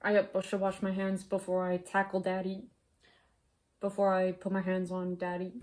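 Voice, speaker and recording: A woman's voice: medium pitch, completely flat delivery, normal speed, a little mellow. A woman hosting a casual comedic cooking chat at home, joking and playfully mock-dramatic. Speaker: host.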